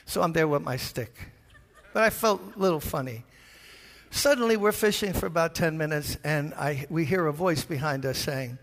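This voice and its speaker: A man's voice: a little high, moderate pace. An older man from Brooklyn with a New York accent, a pastor telling a story in a sermon and acting out the voices in it. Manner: animated storyteller, acts out voices. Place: large church. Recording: reverberant church hall.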